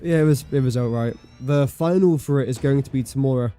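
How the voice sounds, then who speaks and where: A man's voice: medium pitch, brisk, dark tone, faint music behind. A young man chatting casually while livestreaming a game, rambling and correcting himself as he talks. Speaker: streamer. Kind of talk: casual gameplay livestream chat.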